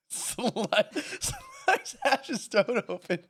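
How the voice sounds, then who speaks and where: Guy cohosting a podcast, kinda high voice, laughs a ton, swears a lot. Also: big pitch swings, extremely slow, a bit bright, breathy edge. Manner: laughs often, joking and profane. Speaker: podcast co-host. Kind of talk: casual chat.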